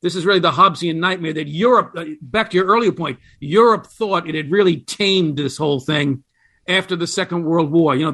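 A man with a high voice talks as a guest in a radio interview. He explains ideas with animated emphasis and reads quotations aloud with weight. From United States. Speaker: guest, history scholar.

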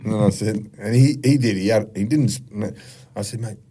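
A man's voice: on the low side, a little fast, mellow, a little hiss or hum. A middle-aged Australian man telling rambling, profane stories as a podcast guest. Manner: rambling, profane anecdotes with frequent laughs. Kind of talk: casual storytelling.

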